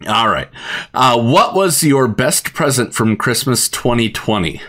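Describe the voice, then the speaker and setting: A man's voice: medium pitch, expressive, a little slow, fairly bright tone. A man hosting a podcast from his home studio, chatting casually, laughing often and restarting sentences. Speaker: podcast host. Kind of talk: casual chat.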